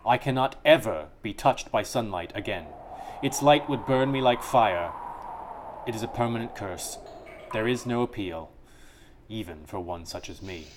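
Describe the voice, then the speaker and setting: A man reading the lines of a cold, vengeful exiled sorceress in a slow, deliberate, menacing way. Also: fairly low pitch, background noise, close to an everyday voice.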